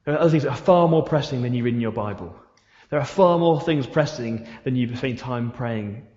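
A man's voice: medium pitch, a little mellow. A man preaching a sermon in a church hall, asking his listeners repeated rhetorical questions. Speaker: pastor. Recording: echoey hall, dull sound.

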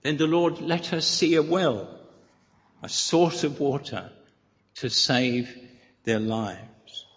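A man delivers a sermon at an unhurried, measured pace, his voice sitting slightly high. He stresses each repeated line with earnest conviction. The recording is muffled and lo-fi, and a long church reverb trails every phrase. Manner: earnest, deliberate, emphatic repetition. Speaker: preacher.

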